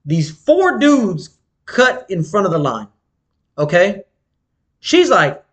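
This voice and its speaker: A man chatting casually as a podcast co-host, telling animated, slangy, profane stories. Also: measured pace. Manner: animated storytelling, swings pitch wide, slangy and profane. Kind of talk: casual chat.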